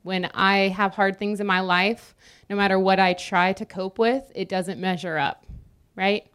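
Woman preaching in a smooth, chatty way. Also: medium pitch, steady tone, measured pace, fairly bright tone. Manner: conversational, jokes with the congregation. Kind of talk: sermon.

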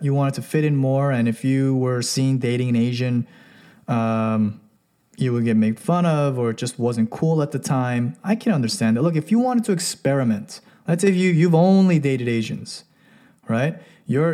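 Man, casual opinion monologue, emphatic, keeps saying "look" and "right?", mid-pitched voice. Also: a little mellow. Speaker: commentator.

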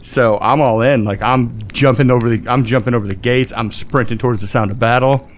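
A man's voice: medium pitch, steady tone, brisk, slight background noise. A man playing a tabletop game, describing his character's actions in an eager, rambling way. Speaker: player.

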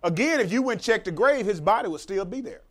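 A man's voice: high-pitched, expressive, brisk. A man preaching a sermon as pastor, talking to the congregation and acting out the voices of the characters in the story.

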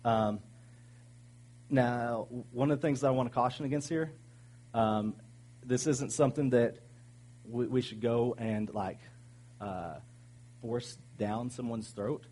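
A man's voice: mid-range voice, fairly even intonation, a little slow, pauses often, a little mellow, poor audio. A man preaching a sermon in an earnest, conversational way, with many ums and restarts.

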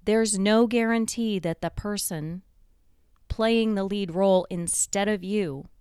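A woman giving a reflective motivational talk, slowing down to stress key points and building them through repeated phrases. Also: medium pitch, warm tone, smooth, dry recording, clean studio sound. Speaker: motivational speaker.

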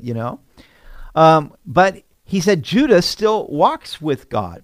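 A man's voice: a little high, sing-song, takes it slowly, no room sound. A man, a pastor, reading scripture aloud and then explaining each verse in plain words. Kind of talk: Bible teaching devotional.

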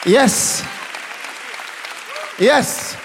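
A man from Ghana preaching a sermon in a church hall, building to shouted, sing-song emphasis. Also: drawn-out words, some chatter behind.

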